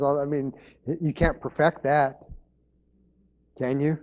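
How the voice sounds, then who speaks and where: A man's voice: fairly high pitch, moderate pace, pauses often, a little mellow, dull audio. A man preaching a sermon as pastor, in an earnest manner, repeating his key phrases.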